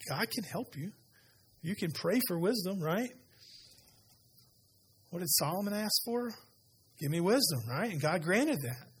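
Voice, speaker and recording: A man preaching a sermon as pastor, retelling scripture with lively conversational asides to a church audience. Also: high voice, normal speed, pauses often, slightly rough. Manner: animated storytelling, conversational asides. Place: church sanctuary.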